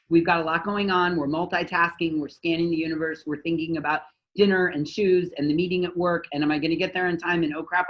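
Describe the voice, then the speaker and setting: A woman's voice: lowish voice, muffled recording. A woman parenting coach giving conversational advice on a podcast, acting out quoted dialogue in a livelier voice.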